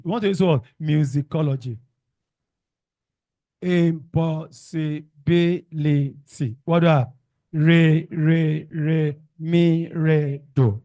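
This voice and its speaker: A man's voice: on the high side, dark tone, no room sound, studio quality. A man teaching a revision class, calling out questions and repeating the answers in call-and-response drills.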